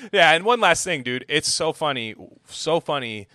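A man's voice: a little high, lively intonation, normal speed, sharp tone, no room sound, clean studio sound. A man co-hosting a podcast in casual, crude banter, joking and often restarting his sentences. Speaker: podcast co-host.

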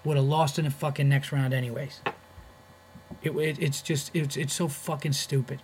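A man's voice: medium pitch, little pitch movement, normal speed, slight background noise. A man hosting a podcast, ranting in a profane, heated way and repeating words as he gets worked up. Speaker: podcast host. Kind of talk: comedic podcast rant.

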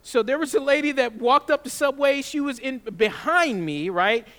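A man from the Southern United States preaching a sermon, emphatic, drawing out scripture slowly and often adding "right?". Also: extremely high pitch, animated, fairly bright tone. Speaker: pastor.

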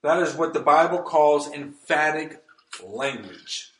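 A man's voice: on the high side, expressive, slow pace, a bit bright, roomy sound, poor audio. A man preaching a sermon as pastor, emphatic and reading scripture aloud.

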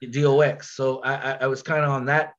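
A man with a nasal voice, a rapper guest telling a story in casual chat, slangy and quick to repeat and restart his words. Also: medium pitch, level tone, a bit bright, lo-fi sound.

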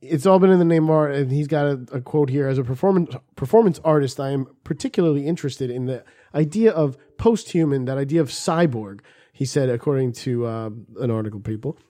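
A man co-hosts a crude, casual podcast, reading an article aloud and joking around, often dropping into silly put-on voices. His voice is medium-pitched and mellow, and he talks a little fast.

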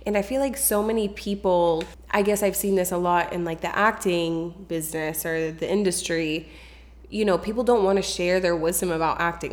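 A woman co-hosting a podcast in a loose, candid way, peppering her talk with "like" and the odd swear word. Her voice sits somewhat low. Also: moderate pace. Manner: casual, frank, swears freely, says "like" a lot. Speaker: podcast co-host. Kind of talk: casual podcast chat and book reading.

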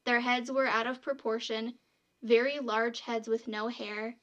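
Telling a true story as a podcast co-host, a woman chats casually, slipping fillers between long quotes she reads aloud. Her slightly high voice holds a flat, level pitch, her pace is a little slow, and the audio sounds dull.

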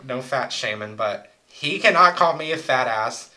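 Young male co-host, loose and crude storyteller, bright edge to the voice. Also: mid-range voice, animated, a little slow, low-quality recording. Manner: rambling, crude, joking storyteller. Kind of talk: casual chat.

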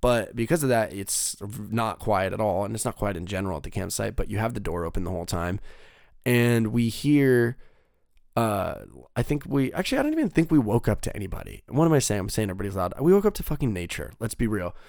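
A man's voice: fairly low pitch, expressive, fast, gravelly, a little mellow, dry recording, clean studio sound. A young man telling a rambling, profane story in a casual monologue, full of fillers and restarts.

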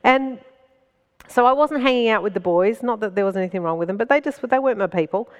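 A middle-aged woman spins self-mocking comic stories at a festival talk. Her voice sits a little high, and she laughs her way through the punchlines in an animated, chatty flow. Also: quick pace, clear, resonant tone, long reverb tail, lo-fi sound. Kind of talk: comic storytelling to a live audience. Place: festival stage before an audience.

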